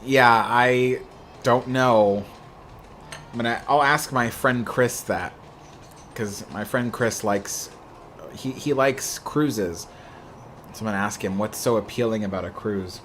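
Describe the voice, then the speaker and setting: This young livestream host answers viewers' questions in a relaxed, meandering way, leaning on "you know" as filler. His medium-pitched voice is fairly bright in tone, slow and full of pauses, with slight background noise.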